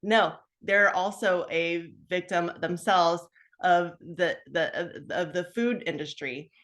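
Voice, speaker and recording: Lively storytelling woman in her fifties. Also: fairly low pitch, slow. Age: 50s. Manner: animated, acts out her own past dialogue; chatty, with many fillers and asides. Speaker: guest sharing a health story. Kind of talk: casual personal storytelling.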